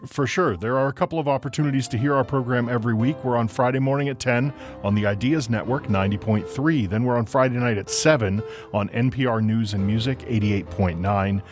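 A man hosting a public radio interview, speaking in a measured, friendly way with some fillers. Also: mid-range voice, faint music behind. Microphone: studio microphone.

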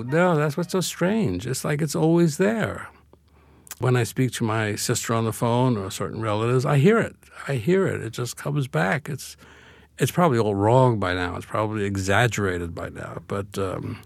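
A man's voice: medium pitch, expressive, moderate pace, vocal fry, dry recording. An older man from Brooklyn, a guest author talking in a reflective, wry way in a radio interview. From Brooklyn, USA. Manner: reflective, wry, laughs easily.

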